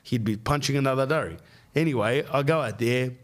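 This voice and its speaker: A man's voice: medium pitch, fairly quick. Slangy Australian man spinning a yarn. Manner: slangy, rambling, animated anecdote telling. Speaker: podcast host. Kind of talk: casual storytelling.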